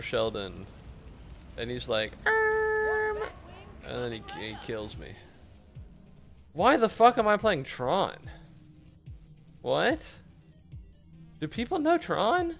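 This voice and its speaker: Creaky-voiced man streaming a game. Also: mid-range voice. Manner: deadpan mock-serious, swearing. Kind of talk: casual gameplay chat with viewers.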